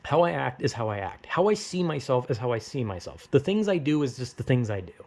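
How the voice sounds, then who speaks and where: A man's voice: mid-range voice, very animated, fairly quick, a little mellow. A young man rambling in an unscripted monologue, blunt and profane, with frequent stammers and restarts. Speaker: vlogger.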